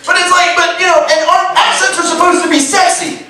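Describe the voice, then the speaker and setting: Crude stand-up comic with a Baltimore accent. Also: male voice, extremely high pitch, little pitch movement, fairly quick. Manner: crude, self-mocking, bantering with the crowd. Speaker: stand-up comedian. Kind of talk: stand-up comedy set. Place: live comedy show. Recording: echoey live club from far off, loud crowd.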